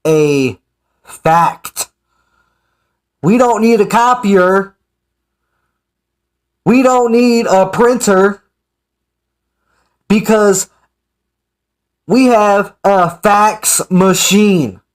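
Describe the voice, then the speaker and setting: A man's voice: high voice, very slow, long pauses. A man giving casual, sarcastic ranting commentary as an online commentator. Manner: sarcastic, mocking.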